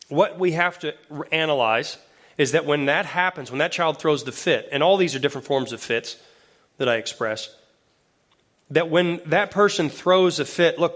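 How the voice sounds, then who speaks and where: An associate pastor delivers a conversational sermon, his fairly high-pitched voice growing lively whenever he quotes scripture.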